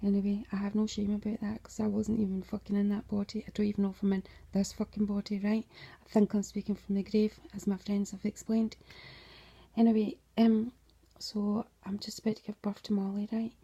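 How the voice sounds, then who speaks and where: A woman's voice: medium pitch, level tone, fairly quick, gravelly. A woman telling her own story in a rambling monologue, swearing freely and tagging her sentences with "right?" in a drifting, darkly humorous way. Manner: drifting, dark humour, breaks into laughter.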